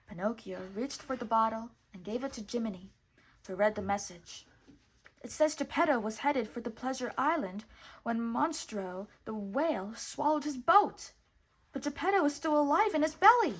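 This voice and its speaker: A woman reading a children's storybook aloud in clear, measured narration. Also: a little high. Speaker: storybook reader.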